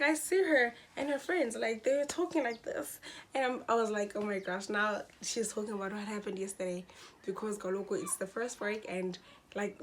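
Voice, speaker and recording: A young woman tells a storytime vlog in an animated, dramatic way and keeps talking straight to her viewers. Her voice sits at a middle pitch, and there is faint background hiss. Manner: animated, dramatic, mixes in slang and addresses viewers as guys. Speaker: vlogger.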